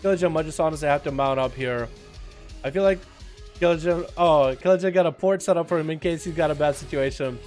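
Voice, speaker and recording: A young man with an American accent, Russian by birth and first language, hosting a live game stream with quick, excitable play-by-play and frequent laughs. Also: fairly high pitch, soft background music. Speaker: livestream host. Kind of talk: live game commentary and chat. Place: hot home room.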